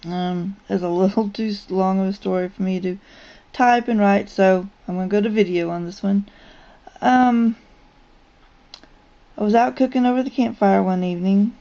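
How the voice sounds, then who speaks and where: A woman's voice: medium pitch, steady tone, moderate pace, mellow. A woman vlogger telling a personal story in a casual, rambling way, with frequent ums and restarts. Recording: dull lo-fi recording.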